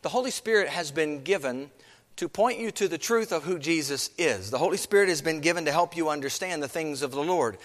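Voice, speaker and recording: High-voiced preaching man in a reverberant hall. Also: lively intonation, brisk, fairly bright tone. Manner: earnest preaching with many rhetorical questions. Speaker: pastor. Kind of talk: sermon.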